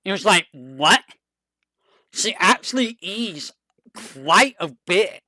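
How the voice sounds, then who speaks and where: Streamer just rambling to chat, slow and drawn out but bouncing all over in pitch, super excitable. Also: no room sound, studio quality. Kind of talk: casual chat to a live audience.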